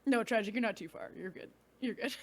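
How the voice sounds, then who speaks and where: Joking higher-voiced woman co-player. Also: a little fast. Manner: joking, profane, animated banter. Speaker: co-player on a gaming stream. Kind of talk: casual gaming chat.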